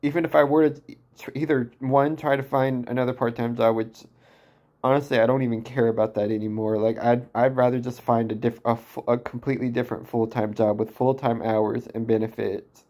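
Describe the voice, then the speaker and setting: A man in his twenties venting in a downcast, distressed personal vlog, talking haltingly with many restarts. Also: medium pitch, fairly even intonation, warm tone. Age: 20s. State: emotionally distressed. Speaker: vlogger.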